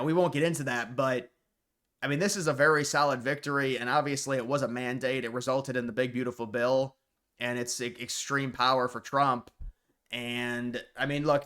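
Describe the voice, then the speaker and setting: A man's voice: mid-range voice, sharp tone, clean tone. A man delivering a casual solo political commentary, rambling with frequent restarts and sarcastic asides.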